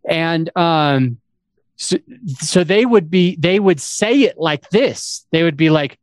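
A man's voice: a little high, expressive, slow, no room sound, studio quality. A man hosting a podcast interview in a casual chat, explaining his ideas as he thinks aloud. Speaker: podcast host.

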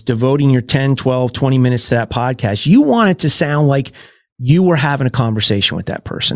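A man's voice: medium pitch, dry recording, clean studio sound. A man, a podcaster guest in a casual interview, talking emphatically and repeating words for stress.

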